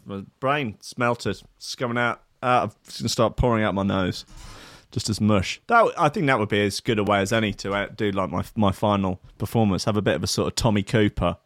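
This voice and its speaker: A man's voice: fairly low pitch, no echo. A man hosting a DJ show from a studio desk, rambling and swearing with self-mocking humor. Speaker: DJ and show host. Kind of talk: casual chat. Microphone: webcam setup.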